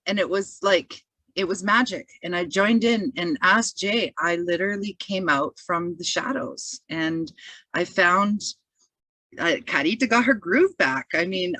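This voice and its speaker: A woman's voice: mid-range voice, sharp tone, no echo. A Canadian woman sharing a heartfelt personal testimonial on a video call, rambling with many restarts. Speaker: community member giving testimonial.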